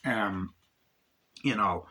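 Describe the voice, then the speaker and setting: A man giving a casual movie review, animated, acting out scenes with heavy swearing. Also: fairly low pitch, very slow.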